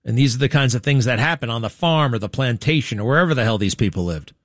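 A man's voice: mid-range voice, lively intonation, quick pace, a bit bright, no echo. Blunt man commenting in a dry room. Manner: conversational, rhetorical questions, blunt. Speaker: show host. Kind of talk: commentary on played clips.

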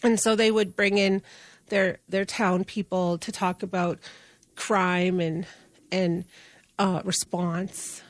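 A woman's voice: fairly low pitch, flat delivery, slow pace, no echo. A middle-aged woman from Canada, a guest telling a story in an interview in an earnest, conversational way with fillers and restarts. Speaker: guest, justice advocate.

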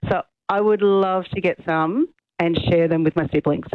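A woman's voice: on the low side, steady tone, moderate pace, dry recording. Giggly woman caller on a muffled line. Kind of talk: phone-in chat.

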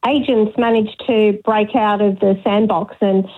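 A woman's voice: mid-range voice, steady tone, unhurried. Woman caller on a tinny phone line. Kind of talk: talkback call.

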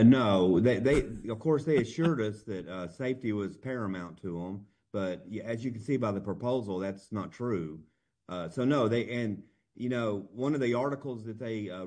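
A man, a union representative speaking as an interview guest, earnest and plain-spoken, with halting restarts. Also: fairly low pitch, a little mellow.

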